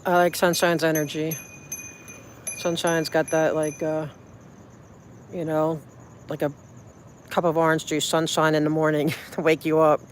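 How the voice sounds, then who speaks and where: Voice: mid-range voice, level tone, measured pace, long pauses, a little hiss or hum. A livestreamer chatting casually with viewers, effusive and rambling, with many restarts, recorded on a phone outdoors at night. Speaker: livestreamer reading viewer chat. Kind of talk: casual live-stream chat.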